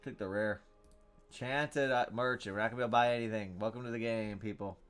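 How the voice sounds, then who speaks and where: A man giving live commentary on his own game, thinking out loud, reading card text aloud and bursting into loud cheers. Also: fairly low pitch, steady tone, fast, clean tone, soft background music. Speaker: gameplay streamer.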